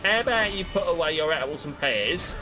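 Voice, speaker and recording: A man's voice: fairly high pitch, animated, fairly quick, natural voice, poor audio. A man voicing a cheesy gangster-movie tough guy in an exaggerated put-on Cockney accent, with a chummy, playful manner. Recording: game music playing behind.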